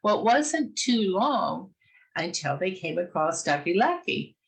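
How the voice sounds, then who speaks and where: Woman reading a kids' fairy tale out loud, really slow, lots of uh pauses, gentle. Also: lowish voice, very animated, gravelly, poor audio. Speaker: storyteller. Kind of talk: casual storytelling, reading a fairy tale aloud.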